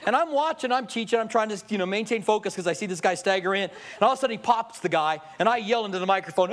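A man's voice: sits high, quick pace, few pauses, slight background noise. A male pastor preaching a sermon, telling humorous stories and acting out quotes. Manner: storytelling with jokes, lively acted-out quotes.

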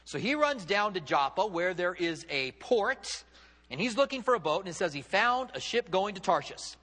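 A man's voice: sits high, sing-song, normal speed, sharp tone. A male pastor preaching a sermon, acting out quotes with big dramatic swings in his voice. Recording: long hall reverb.

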